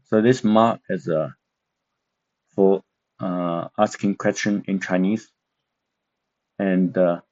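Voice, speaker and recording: A man with a very low voice teaches a language lesson at an unhurried pace. He explains step by step and pauses often to search for words. The recording sounds dull and muffled. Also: steady tone, a little mellow. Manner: slow, careful, with many fillers and pauses. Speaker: Mandarin teacher.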